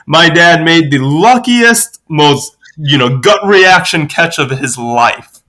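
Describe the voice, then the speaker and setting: Brief: a man spinning a lively anecdote, bright tone. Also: slow. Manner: lively storyteller, acts out quoted voices with big pitch jumps. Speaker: podcast guest. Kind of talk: animated anecdote telling.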